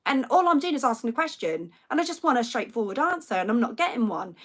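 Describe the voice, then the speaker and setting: A loud, animated young woman with a British accent tells a story to her live viewers, her voice sitting high and swooping up and down. Her talk is casual and indignant, and she keeps the tale moving. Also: fast. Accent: British English. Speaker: live-stream host.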